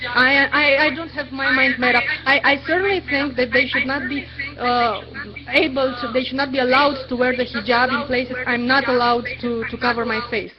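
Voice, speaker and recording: A woman's voice: sits high, fairly even intonation, moderate pace. A woman arguing earnestly in an online debate, hesitant and full of fillers. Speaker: debate participant. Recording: lo-fi webcam stream audio with crowd noise.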